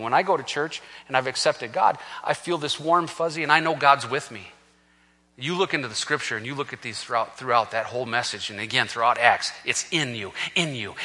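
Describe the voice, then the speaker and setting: A man preaching an impassioned sermon, swinging from hushed talk to shouting, in a large echoing hall. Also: on the high side, breathy edge. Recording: long reverb of a large hall.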